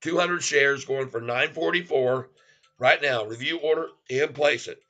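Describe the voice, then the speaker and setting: A man runs a live stock-trading show, narrating his trades as they fill. His voice is bright and punchy. He cheers each move and keeps chatting warmly with his audience. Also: mid-range voice, a little slow. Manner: excited, calls out prices, chats with viewers as "folks". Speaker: stock trading livestream host. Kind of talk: live day-trading commentary.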